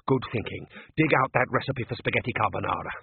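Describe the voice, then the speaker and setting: A man's voice: mid-range voice, gravelly, husky. A man voicing a scheming restaurant manager who barks orders at his kitchen staff, on a tinny, phone-like recording. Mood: bossy. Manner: bossy, quick and commanding. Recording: tinny phone-like dry audio.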